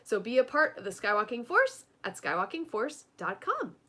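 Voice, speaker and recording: A woman co-hosts a casual podcast and rattles off plugs and thank-yous. Her voice is bright and forward, with pitch that leaps around animatedly. She sounds upbeat and eager. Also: moderate pace. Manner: upbeat, lively promotional delivery. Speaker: podcast co-host. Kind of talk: casual podcast outro and sponsor reads.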